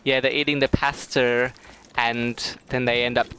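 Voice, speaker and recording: A man's voice: mid-range voice, flat delivery, measured pace, sharp tone, slight background noise. A middle-aged man chatting casually with viewers while streaming a game, giggling often and laughing hard. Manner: giggly, breaks into fits of laughter; chatty, talks to chat viewers. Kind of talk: casual gameplay livestream chat.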